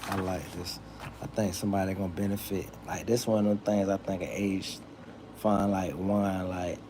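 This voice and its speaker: A man hosting a livestream, reading lists of words aloud slowly and deliberately, with casual asides. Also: mid-range voice, darkish tone, a little hiss or hum. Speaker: livestream host.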